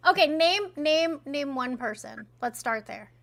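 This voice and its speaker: A woman's voice: sits high, lively intonation, a little slow, vocal fry, crowd noise. A woman hosting a live call-in stream who bluntly questions and challenges her callers. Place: in Florida.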